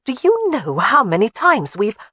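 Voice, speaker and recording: A man's voice: high voice, huge pitch swings, moderate pace, bright, forceful tone, slightly rough, no room sound, pitched above the performer's own voice, exaggerated voice. A narrator raising his voice to play a proud, spirited young bride.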